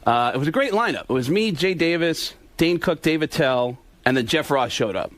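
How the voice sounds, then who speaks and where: A comedian telling a story, slipping into loud put-on voices of other people and shouting at the peaks. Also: male voice, fairly high pitch, expressive, moderate pace, dry recording. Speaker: impressionist comedian guest. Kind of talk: animated storytelling with impressions.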